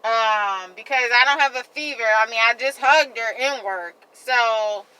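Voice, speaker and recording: A woman vlogger venting to her viewers in a heated, rambling rant, repeating herself and filling every pause with "like.". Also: a little high, pushed and bright, clear, resonant tone, rough recording. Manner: heated, repetitive rant full of "like". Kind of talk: venting monologue to camera.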